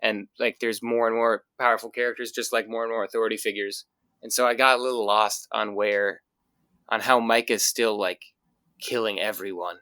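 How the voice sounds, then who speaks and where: A man's voice: fairly low pitch, fairly even intonation, moderate pace, pushed and bright, clean tone, no echo. A man co-hosting a casual podcast about comics, talking enthusiastically with lots of fillers. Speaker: podcast co-host. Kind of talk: casual chat.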